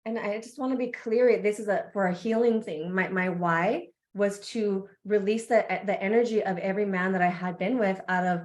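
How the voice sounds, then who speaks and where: A woman speaks as a guest on a podcast, telling a candid personal story at an ordinary mid pitch. She talks in an animated way, laughs often and acts out her reactions. She sounds like a coach sharing her own experience. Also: normal speed, few pauses.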